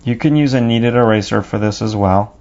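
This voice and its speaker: Male drawing instructor, gravelly, thinks aloud while sketching, muffled lo-fi sound. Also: on the low side, a little mellow. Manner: unhurried, talks himself through each stroke while drawing. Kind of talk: step-by-step drawing lesson. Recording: dull lo-fi recording.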